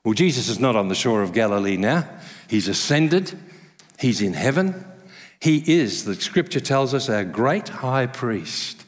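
A male pastor preaching a sermon at a church service, conversational and self-deprecating, telling stories with lively humor. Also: mid-range voice, moderate pace. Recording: long hall reverb.

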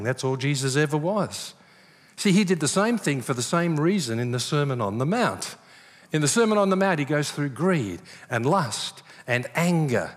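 Lively pastor in a hall. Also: male voice, fairly high pitch. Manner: animated storyteller, acts out quoted voices. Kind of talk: sermon. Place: church hall. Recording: long reverb of a large hall.

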